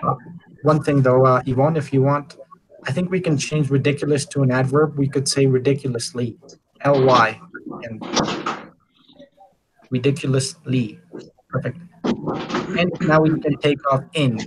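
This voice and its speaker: A man's voice: mid-range voice, steady tone, moderate pace, long pauses, a little hiss or hum, poor audio. A man teaching an online English class, correcting sentences with many fillers and encouraging words. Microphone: video call.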